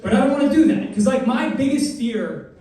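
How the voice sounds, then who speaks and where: High-voiced twenties man doing stand-up. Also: animated, fairly quick, mellow, distant mic. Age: 20s. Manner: rambling, self-mocking, crude. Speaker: stand-up comedian. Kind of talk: stand-up comedy set. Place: comedy club stage. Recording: echoey club, mic heard from afar, crowd noise. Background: audience laughter.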